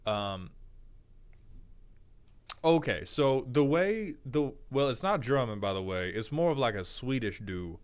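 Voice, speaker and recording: Male streamer, smooth clear voice, loose joking chat with viewers, keeps restarting his sentences. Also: mid-range voice. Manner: rambling, jokey, self-interrupting.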